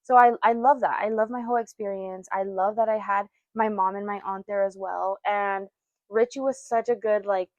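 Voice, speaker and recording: A woman's voice: medium pitch, fairly even intonation, moderate pace, dry recording, dull audio. A young woman co-hosting a casual podcast chat, telling a personal story with frequent laughter and quoted voices. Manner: chatty, laughs often, acts out quotes. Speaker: podcast co-host.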